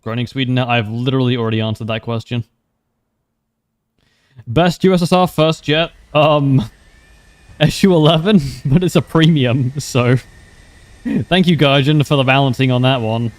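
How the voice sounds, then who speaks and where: A man's voice: medium pitch, normal speed, long pauses, no room sound. Laid-back young man streaming a game. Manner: laid-back, wry, laughs often, answers chat questions. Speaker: livestreamer. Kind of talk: casual gameplay commentary.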